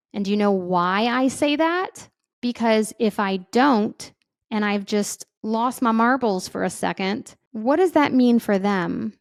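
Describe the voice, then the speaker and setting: A woman giving parenting advice in a relaxed, conversational way, with a gravelly, fry-tinged voice. She keeps checking in with her listeners and acts out feelings as she explains them. The sound is dry and close, with no room echo. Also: medium pitch. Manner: conversational, often checks in with "right?". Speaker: parenting educator. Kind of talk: casual advice talk.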